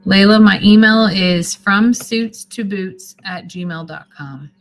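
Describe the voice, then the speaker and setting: A woman's voice: mid-range voice, slow. A woman chatting casually on a live stream, sleepy and rambling as she thanks viewers. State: sleepy, yawning. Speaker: homesteading livestreamer.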